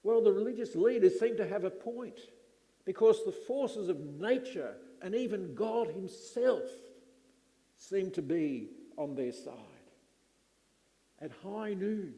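A middle-aged man preaching a sermon, slow and emphatic with dramatic pauses. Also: sits high, mellow, big-room sound.

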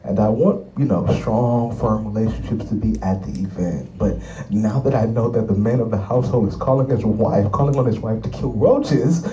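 A man's voice: lowish voice, moderate pace, mellow, muffled recording. A man hosting a radio talk show, chatting casually and joking around. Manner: joking, playful. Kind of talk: casual chat. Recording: echoey room from far off with noise.

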